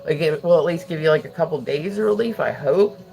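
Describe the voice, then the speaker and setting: A woman's voice: low voice, animated, fairly quick, creaky, dark tone. A woman hosting a livestream, chatting casually with viewers, rambling with lots of fillers and frequent laughter. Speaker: livestream host.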